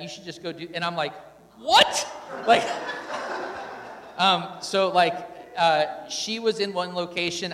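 A husband at a couples talk shares candid, self-deprecating stories of his marriage with an audience, voicing lines for himself and his wife. He sounds a little high and a bit bright, and the hall adds an echoey reverb.

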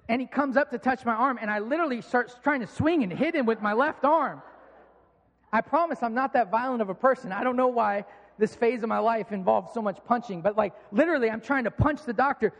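A middle-aged man with a very high voice preaches in a long-reverb hall. He speaks earnestly and conversationally, sprinkling in casual fillers as he tells a personal story in his sermon. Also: moderate pace.

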